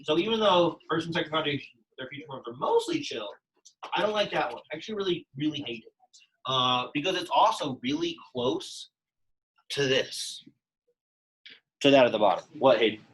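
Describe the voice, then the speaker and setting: Young male teacher, chatty and loose, a bit husky, classroom lesson. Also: fairly high pitch, sing-song, brisk, pauses often, a bit bright, rough recording. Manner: casual, chatty, lots of "like" fillers. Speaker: Latin teacher.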